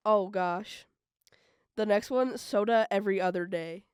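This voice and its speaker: A young woman hosting a college radio podcast, chatting casually and rambling with lots of fillers, swinging between loud bursts and mumbled asides. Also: mid-range voice, a little slow, clean tone, no room sound, studio quality. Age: young adult. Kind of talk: casual solo podcast chat.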